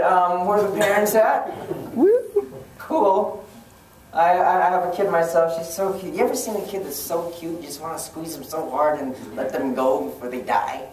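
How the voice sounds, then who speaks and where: A man from Hawaii performing a laid-back, self-deprecating stand-up comedy set in a library event room. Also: high-pitched. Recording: echoey room from a distant mic, noisy.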